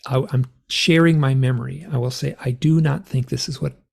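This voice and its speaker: A man telling his story in a rambling, animated way, full of fillers, as a guest on an interview show. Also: medium pitch, normal speed, creaky, husky. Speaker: guest author and experiencer. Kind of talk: conversational storytelling.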